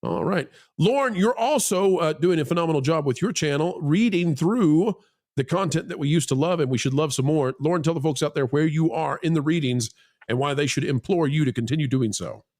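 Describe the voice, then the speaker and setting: A male host runs a casual livestream panel, teasing his guests and rambling through plugs with plenty of filler words. His voice sits slightly higher than most men's. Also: fairly quick, darkish tone.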